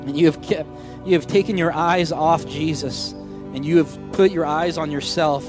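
A middle-aged man preaching a sermon as pastor, pleading and impassioned, dropping soft then shouting. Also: fairly high pitch, fairly even intonation, moderate pace. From Korea. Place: church hall. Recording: dry close mic, faint music behind.

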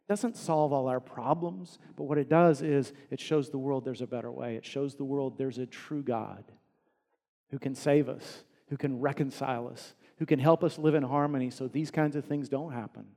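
A man preaching a sermon as pastor, earnest, climbing to emphatic peaks and dropping soft again. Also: medium pitch, fairly even intonation, moderate pace, gravelly, in a large hall.

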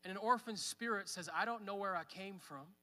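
A man's voice: high voice, brisk, pushed and bright, big-room sound. A man in his thirties preaching a sermon at church, conversational, with fillers. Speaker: pastor. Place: church hall.

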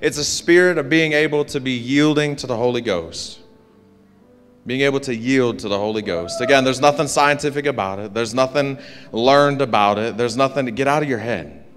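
A man's voice: mid-range voice, normal speed. A man pastor telling his personal testimony to a congregation, earnest and rambling, with many fillers and restarts.

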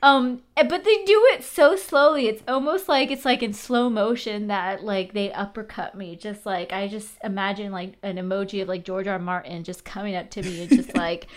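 A woman in casual recap chat, animated, swearing and using many fillers. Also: mid-range voice, normal speed, hardly any pauses.

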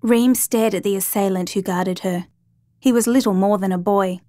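A woman narrating a true crime story in a steady, measured reading voice. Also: mid-range voice, dry recording.

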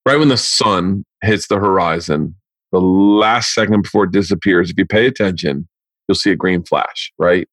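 Profane, animated man in his forties. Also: low-pitched, moderate pace, no echo. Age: 40s. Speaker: podcast host and comedian. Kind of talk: casual storytelling chat.

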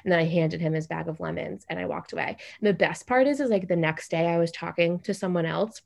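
A young adult woman telling a funny story in casual podcast chat, animated and full of "like". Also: lowish voice, vocal fry. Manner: animated, fast, heavy use of "like".

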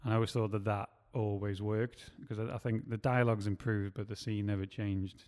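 A man's voice: on the low side, steady tone, fairly quick, darkish tone, in a large hall. A man who writes and produces films, talking in a loose, rambling way and often stopping to correct himself. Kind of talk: casual chat.

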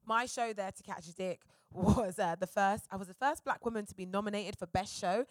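A comedian telling stories as a guest on a live podcast stage, animated and playing out the voices of the people she quotes. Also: medium pitch, a little fast, dry recording, clean studio sound. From England. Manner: animated storyteller who acts out quotes.

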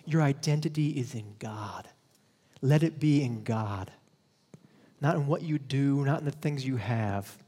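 A man's voice: medium pitch, darkish tone, husky, in a large hall. A male pastor preaching a conversational sermon, telling stories and laughing at himself.

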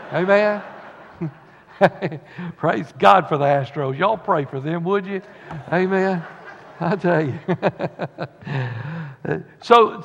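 A man's voice: sits high, fairly bright tone. A man, a pastor preaching a sermon to his congregation in a folksy, conversational way. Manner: folksy preaching with Southern turns of phrase. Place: church sanctuary. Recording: dull sound in a long-reverb sanctuary.

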